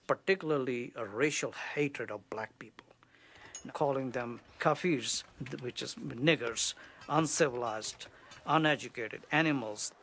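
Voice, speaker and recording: A man's voice: medium pitch, a little slow, a bit bright, slight background noise. Earnest, accusing male author in an interview.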